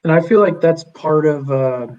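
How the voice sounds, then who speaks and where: Give me a young man as a podcast guest, animated and chatty in casual talk. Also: on the high side, normal speed, highs cut off. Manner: chatty, animated storytelling, lots of fillers. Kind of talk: casual chat.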